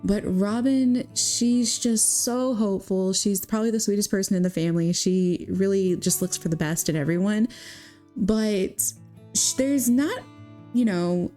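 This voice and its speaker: Chatty young woman narrating with mellow tone. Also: medium pitch. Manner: chatty, giggly, with many "she's like" quotes. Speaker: gaming vlogger. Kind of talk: casual story narration over gameplay. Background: soft guitar music.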